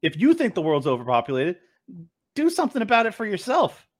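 A man's voice: high-pitched, wildly swooping pitch, fairly quick. A man ranting through a political commentary, sarcastic, profane and incredulous. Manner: mocks clips with mimicking voices. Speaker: commentary host.

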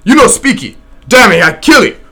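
A man doing a gruff, growling harpooner. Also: a little high, lively intonation, a little fast, sharp tone. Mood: threatening. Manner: growling, clipped broken speech. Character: gruff harpooner man, broken English, threatening.

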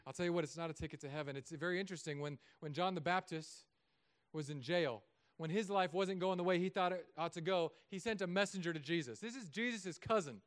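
A man preaching with a fairly high, smooth, resonant voice. He delivers his sermon in an animated, joking way, swinging between loud emphasis and hushed asides. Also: fast talker. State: recovering from Achilles surgery. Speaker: pastor.

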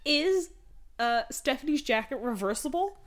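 A woman's voice: high voice, lively intonation, moderate pace. A woman on a podcast in casual chat, mostly agreeing with short replies and laughing along. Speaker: podcast guest or co-host.

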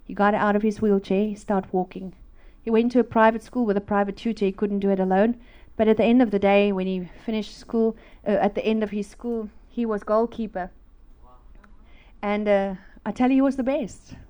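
A middle-aged woman, telling a fervent church testimony in an animated, storytelling way. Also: mid-range voice, moderate pace, clean tone, muffled recording. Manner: animated storytelling, laughing, acting out voices; fervent, preaching. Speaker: speaker giving a testimony.

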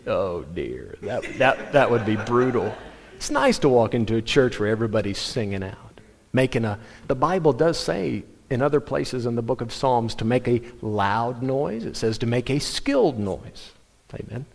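A man's voice: mid-range voice, normal speed, creaky. Man preaching in a reverberant hall. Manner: animated storytelling, self-interrupting restarts. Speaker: pastor. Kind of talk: sermon. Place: church sanctuary.

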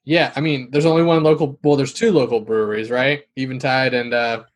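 A man, co-hosting a casual podcast chat, jokey and quick to crack up. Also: mid-range voice, fairly even intonation. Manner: jokey, bursts into laughter. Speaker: podcast co-host.

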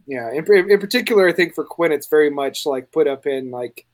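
Guy running a tabletop game on a podcast, rambly and excited, keeps restarting his sentences. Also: on the high side, brisk. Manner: rambling, self-interrupting, enthusiastic. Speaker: game master. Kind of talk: casual podcast chat planning a character.

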